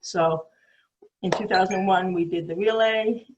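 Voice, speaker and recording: Interview guest, woman in her sixties, New England accent, mid-pitched, chatty and meandering, muffled recording. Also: a little mellow. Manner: rambling, halting with many fillers and restarts. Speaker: interview guest, marathon swimmer. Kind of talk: casual storytelling.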